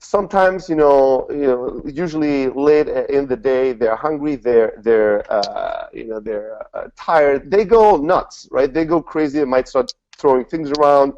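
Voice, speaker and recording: A man in his thirties speaks on a sales panel in an energetic, filler-heavy way. His voice is mellow and low in brightness. The recording sounds dull and lo-fi, as at a live event. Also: measured pace. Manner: energetic, lots of "like" and "you know" fillers.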